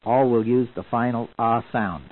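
A man giving measured, explanatory scripted narration as the narrator of a language course. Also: mid-range voice. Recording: tinny lo-fi old tape.

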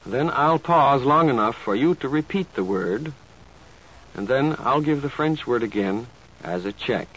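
A man teaching pronunciation in slow, carefully enunciated scripted narration, like an old instructional tape. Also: medium pitch, animated, fairly bright tone, breathy edge. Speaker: language teacher. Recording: dull lo-fi tape with faint hiss.

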